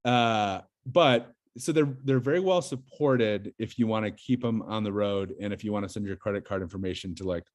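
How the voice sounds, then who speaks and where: A man's voice: on the low side, moderate pace, few pauses. A man as a podcast guest, telling a story in casual chat, rambling with lots of fillers and restarts.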